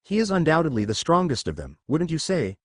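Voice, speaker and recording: A man voicing a scheming villain in spiked silver armor, speaking in a cold, measured way for a storybook reading. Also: a little high, very animated, dry recording, studio quality.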